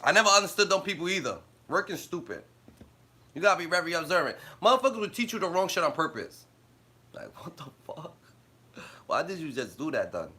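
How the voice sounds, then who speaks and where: Guy going off on a livestream, super bright voice, swears a ton, slangy, laughs a lot. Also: fairly high pitch, very animated, fairly quick. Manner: profane, blunt storytelling with street slang; laughs often while talking. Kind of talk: casual live-stream rant.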